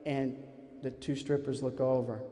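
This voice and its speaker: Animated man telling a comic story. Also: medium pitch, unhurried, in a large hall. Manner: animated, self-mocking, acts out other voices.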